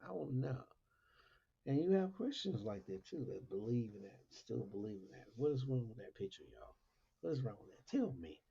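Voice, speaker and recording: A man's voice: medium pitch, sing-song, normal speed, creaky, dark tone, husky. A man hosting a casual Christian talk monologue, asking repetitive rhetorical questions and laughing often. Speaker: Christian talk show host. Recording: lo-fi dull recording.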